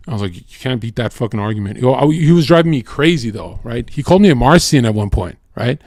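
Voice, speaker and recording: Young male streamer, rambling and profane, dry close mic, mid pitch; casual home livestream monologue. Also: darkish tone, dry recording. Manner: profane, rambling, quick bursts.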